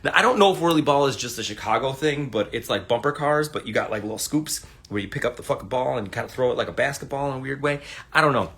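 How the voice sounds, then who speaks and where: Bright-voiced man rambling through a story. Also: medium pitch, lively intonation, fast talker. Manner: rambling, profane, laid-back. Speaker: livestream host. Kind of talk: casual storytelling. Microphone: phone livestream.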